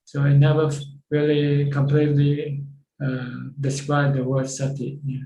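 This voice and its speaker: A man teaching as a Buddhist monk, answering questions over a video call in a plain, halting way. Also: a little high, completely flat delivery, mellow, echoey room, slight background noise, rough recording. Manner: plain, repeats words while searching for phrasing. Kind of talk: dharma talk answering questions.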